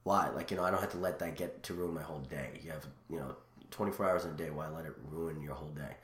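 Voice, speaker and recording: A man with a very low voice talks quickly and excitedly, piling up stories with plenty of restarts and asides. His casual chat is recorded in a noticeably echoey room. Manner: rambling, animated storyteller with many restarts. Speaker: guest.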